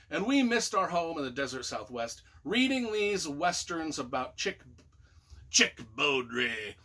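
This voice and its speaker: Animated, bright-voiced man telling a story. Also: fairly high pitch, husky. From Utah. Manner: animated, rambling, with many fillers and asides. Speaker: book reviewer. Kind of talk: casual personal storytelling.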